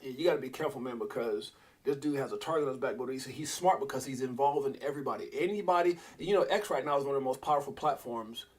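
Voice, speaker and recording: A middle-aged man hosting a live crypto stream, talking to his chat in an excitable, rambling way. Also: mid-range voice, fast talker, breathy edge. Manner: excitable, rambling, talks to chat and reads out posts. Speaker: crypto livestream host. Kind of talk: casual live commentary.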